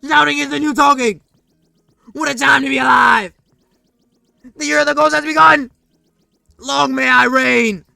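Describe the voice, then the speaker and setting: A man voicing an excitable male ghost who shouts every line in a high, strained voice. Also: normal speed, creaky, hardly any pauses, dry recording, soft background music, exaggerated voice. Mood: ecstatic shouting. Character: hyper excitable male ghost, giddy and loud.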